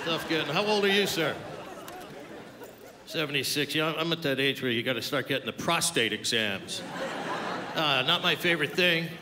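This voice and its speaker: Crude older stand-up man, loud crowd. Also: fairly high pitch, animated, moderate pace, long pauses. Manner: crude, brash, bantering with the audience. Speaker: stand-up comedian. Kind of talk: stand-up comedy with crowd work. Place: live comedy club stage. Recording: live club recording, roomy with loud crowd noise.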